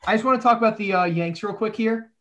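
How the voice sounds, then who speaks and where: A man keeps pulling a casual sports chat back to his own topic. He talks quickly, and his voice sits high. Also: a bit bright. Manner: insistent, steering the topic. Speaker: podcast co-host.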